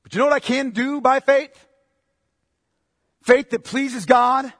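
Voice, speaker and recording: Man preaching, very high voice, impassioned sermon, pointed questions, dry close sound with a long hall tail. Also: steady tone, measured pace. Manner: impassioned, swings from hushed to forceful; presses listeners with repeated direct questions.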